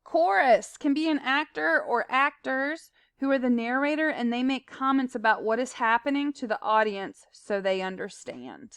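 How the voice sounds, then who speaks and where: A woman's voice: high voice, animated, normal speed, hardly any pauses, fairly bright tone, clear, resonant tone, no echo. A woman teaching a recorded lesson, explaining terms plainly with fillers and asides.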